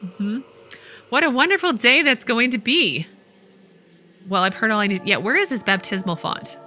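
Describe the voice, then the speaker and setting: A woman's voice: on the high side, animated, normal speed, sharp tone, slight background noise. A woman hosting a let's play, wryly reading the game's dialogue aloud and commenting as she plays. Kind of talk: casual gameplay commentary.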